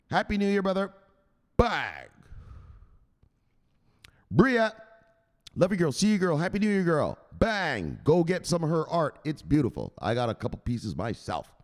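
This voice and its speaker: Lively-pitched man giving profane shoutouts. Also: vocal fry, long reverb tail. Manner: profane, laughing, quick loose banter. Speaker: host. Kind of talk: casual livestream shoutouts.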